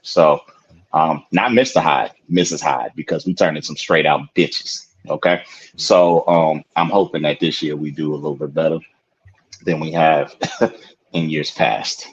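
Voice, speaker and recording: A man with a very low, husky voice talks in a loose, rambling way, full of fillers and asides. He is a podcast co-host in his thirties. The audio is dull and lo-fi, like a remote call. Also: steady tone, unhurried. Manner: laid-back, rambling with lots of fillers and "you know what I'm saying". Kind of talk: casual podcast chat. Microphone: video call.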